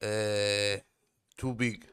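A man playing a loud, chatty Arab uncle character in broken English with an Arabic accent. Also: on the low side, flat delivery, extremely slow, clean tone, no room sound, clean studio sound. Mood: friendly.

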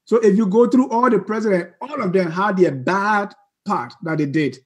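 A man hosting a debate show, pushing back in a measured, patient way, with a husky voice. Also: high voice. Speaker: show host. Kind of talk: moderating a heated debate.

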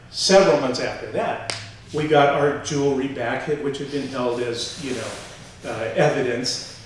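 Animated storyteller man on an echoey stage. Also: a little high, slight background noise. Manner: animated, many fillers, acts out quotes. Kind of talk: live storytelling. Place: stage before a live audience. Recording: echoey hall from far off.

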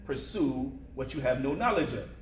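Pious older woman traveler as a male preacher quotes her, calm and measured, with a roomy echo. Mid-range pitch. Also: a little hiss or hum, close to an everyday voice.

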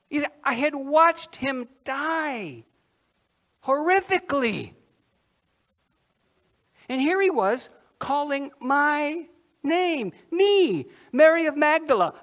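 Mary Magdalene, grieving and awestruck. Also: male voice, extremely high pitch, exaggerated voice. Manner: expressive, asks the listeners questions directly. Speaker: preacher in a first-person dramatic monologue. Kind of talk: dramatic first-person storytelling sermon.

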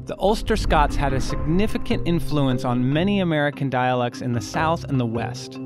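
A man narrating a scripted explainer in a clear, measured way. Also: mid-range voice, expressive. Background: background music.

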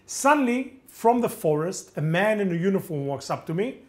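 Highly animated man telling a story. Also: moderate pace. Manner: animated, acts out dialogue with shifting voices. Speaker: lecturer. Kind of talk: dramatic first-person storytelling lecture.

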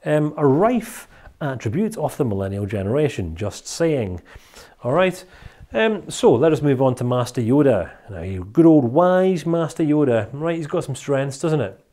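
A man's voice: medium pitch, sing-song, normal speed, dark tone. A Scottish man teaching a recorded course lecture in a chatty, jokey way.

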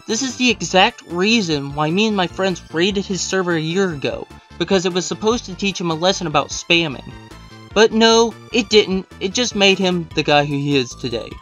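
A man with a fairly high voice delivers sarcastic, exasperated vlog commentary, reading out online posts and mocking them. Faint music plays under his voice. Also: animated, normal speed, a bit bright.

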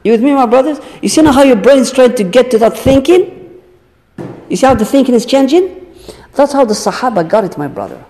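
A man teaching a congregation in a religious lecture, stretching out key words slowly and posing rhetorical questions to his listeners. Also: very high-pitched, sing-song, warm tone. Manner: slow, drawn-out emphasis with rhetorical questions. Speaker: Islamic teacher. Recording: long reverb of a large hall.

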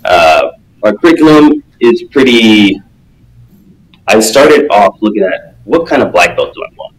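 A man talking as a guest in a casual podcast interview, a martial arts coach who speaks earnestly and acts out quotes in an animated way. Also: lowish voice, unhurried, low-quality recording.

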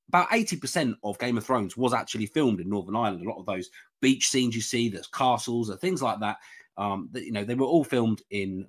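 This is a man narrating a travel vlog in a husky voice with a lively, up-and-down pitch. He rambles casually and repeats himself as he goes, and he sounds like a voice-over recorded away from the places shown. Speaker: travel vlogger.

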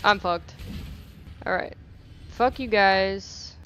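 A woman's voice: medium pitch, extremely slow, dull audio, faint music behind. A young woman doing let's play commentary. She swears freely, repeats phrases and talks back to the game. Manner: animated reactions, repeats phrases. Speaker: gaming YouTuber.

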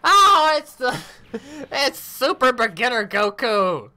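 Woman, game commentator, slow and bright, animated, swears freely. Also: mid-range voice, soft background music. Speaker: mobile game streamer. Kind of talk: casual gameplay commentary.

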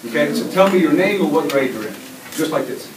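A middle-aged man giving an energetic, interactive presentation to a school class, often asking the children questions. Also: on the high side, fairly quick. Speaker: guest presenter. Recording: echoey classroom taped from far off with noise.

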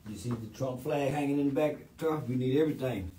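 A man ranting to camera in a loud, theatrical comedic vlog, with exaggerated mock-crying and preaching. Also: mid-range voice, quick pace, slight background noise. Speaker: vlogger. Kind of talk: comedic celebratory rant to camera.

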